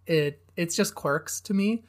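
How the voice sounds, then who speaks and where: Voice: medium pitch, measured pace. A podcast co-host chatting casually about movies as an eager, self-described fan who laughs along.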